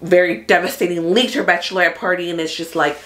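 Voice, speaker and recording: A woman hosting a casual TV recap, talking in an animated, chatty way, swearing freely and acting out what the characters say. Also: fairly low pitch, fast. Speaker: host of a TV recap channel. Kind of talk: casual spoilery show recap.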